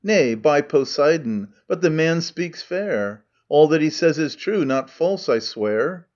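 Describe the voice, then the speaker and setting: A man's voice: on the high side, expressive, slow, a little mellow, highs cut off. A man voicing a chorus of old men that defends the hero in declaimed verse. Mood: defiant.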